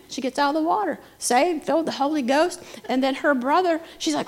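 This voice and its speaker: A woman's voice: high-pitched, fairly quick, gravelly, hardly any pauses. A woman preaching a testimony sermon, fervent, breaking into amens and hallelujahs. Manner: fervent, rising to shouted praise, interjecting amen and hallelujah.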